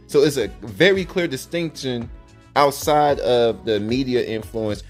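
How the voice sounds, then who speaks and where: A man's voice: medium pitch, expressive, soft background music. Blunt, slangy male commentary host. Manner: blunt, slangy, drawn-out emphasis, mimics voices. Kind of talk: reaction commentary. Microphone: audio only, no camera.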